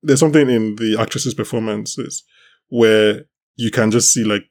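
Rambling low-voiced man hosting a podcast. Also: moderate pace, vocal fry, a little mellow. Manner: rambling, hesitant, with many restarts. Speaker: podcast host. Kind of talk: casual chat about a TV show.

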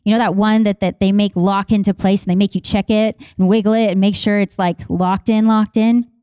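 Passionate woman pastor with a mellow voice. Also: medium pitch, level tone, brisk, clear, resonant tone, dry recording, studio quality. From Canada. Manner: passionate, repeats phrases for emphasis, conversational asides to congregation. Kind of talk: sermon. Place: church.

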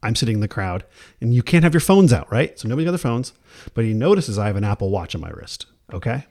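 A man on a casual podcast telling an animated story, acting out the people in it and laughing often. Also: medium pitch, fast. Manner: acts out quoted voices, laughs often, restarts. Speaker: podcast co-host.

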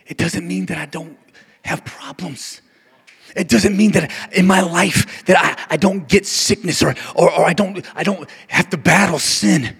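A man preaching a fiery sermon in a high, bright voice with a gravelly, husky edge. He builds repeated phrases into shouts, then drops suddenly to a hushed, intimate tone. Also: unhurried. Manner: impassioned preaching that swings from shouts to near-whispers; repetitive, call-and-response cadence. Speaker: pastor. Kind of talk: Easter Sunday sermon.

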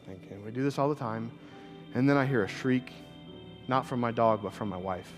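A man's voice: mid-range voice, fairly quick, music in the background. Earnest preaching man in his thirties. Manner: earnest, climbing to emphatic repeated lines when preaching. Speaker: pastor. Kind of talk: sermon with personal storytelling.

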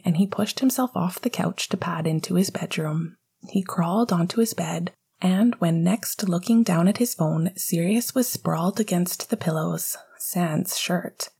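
Breathy whispering woman reading a story. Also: fairly low pitch, normal speed. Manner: hushed, intimate reading. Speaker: narrator. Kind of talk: whispered narration.

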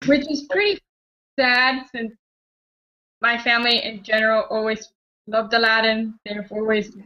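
Woman panelist, bright and slightly high, chatty, lo-fi recording. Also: steady tone, a little slow. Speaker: podcast panelist. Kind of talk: casual group discussion. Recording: dull lo-fi sound.

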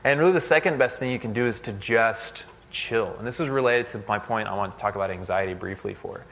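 A young man giving a casual, conversational sermon. He uses lots of "like" and tells stories in an animated way. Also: on the low side, fast. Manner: conversational, fillers like "like", animated storytelling. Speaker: speaker at a church service.

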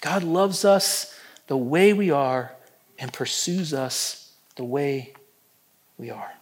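A man preaching a sermon, building up through loud, emphatic repetitions and then dropping to soft, hushed endings, with personal stories woven in. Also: fairly high pitch, animated, takes it slowly. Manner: storytelling, personal anecdotes. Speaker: pastor.

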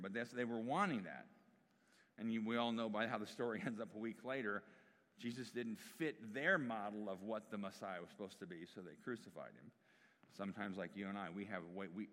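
Long hall reverb surrounds a pastor whose voice is fairly low in pitch and fairly bright in tone. His sermon is conversational, and he asks the congregation questions.

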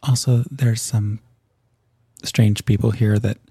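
A man voicing a gentle middle-aged mother who talks softly and encouragingly, with hesitant pauses. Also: on the low side, little pitch movement, breathy edge, no room sound, clean studio sound. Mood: reassuring.

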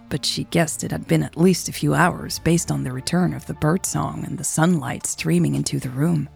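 A woman narrating a story in a slow, measured way. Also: deep voice, creaky, darkish tone, husky. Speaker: podcast storyteller.

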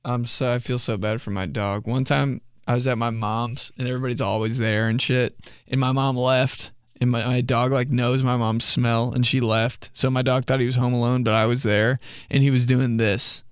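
A man's voice: medium pitch, little pitch movement, normal speed, clear, resonant tone, no room sound, clean studio sound. A young man hosting a comedy podcast, telling stories casually, swearing and laughing at his own jokes. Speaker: podcast host.

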